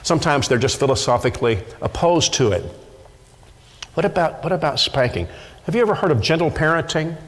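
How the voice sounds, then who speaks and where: A man's voice: fairly high pitch, expressive, fairly quick. Preacher man in an echoey church hall. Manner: emphatic, repeats words when pressing a point. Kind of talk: sermon. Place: church sanctuary.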